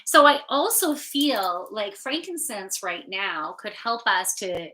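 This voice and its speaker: A woman gives a live oracle card reading in a bright, clear voice. She talks slowly and chats casually, with an offhand swear here and there. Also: medium pitch, expressive, rough recording. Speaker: spiritual card reader and channeler.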